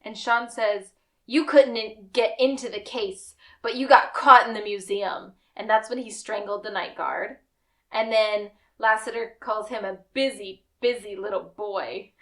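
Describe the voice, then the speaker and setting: A woman's voice: medium pitch, unhurried. A woman co-hosting a podcast, casually recapping a TV episode and acting out the characters' lines with laughs. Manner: animated, acts out quotes with laughs. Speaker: podcast co-host.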